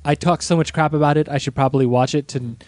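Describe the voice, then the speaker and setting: A man's voice: on the high side, steady tone, fast, a little mellow, dry recording. A man co-hosting a casual movie podcast, talkative and given to playful exaggeration. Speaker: podcast co-host. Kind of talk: casual chat.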